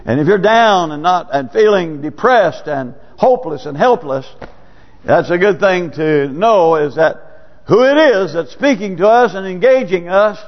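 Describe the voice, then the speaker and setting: A man preaching a sermon in a church, talking in a folksy, conversational way with sudden rises. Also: fairly high pitch. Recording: dull, lo-fi church recording with long reverb.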